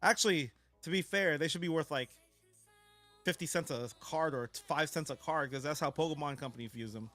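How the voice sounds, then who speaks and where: A man's voice: fairly high pitch, brisk, sharp tone, soft background music. A man streaming a live card break, chatting casually and ranting with swearing and frequent chuckles.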